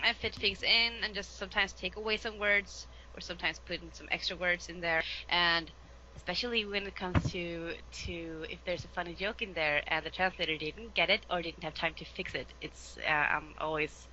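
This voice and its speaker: Woman, Swedish accent, non-native English, interview guest, lively, frequent fillers, lo-fi sound. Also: lowish voice, normal speed, a little hiss or hum. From Sweden. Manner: lively, laughs often, many fillers. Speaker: voice actress guest. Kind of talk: casual interview chat.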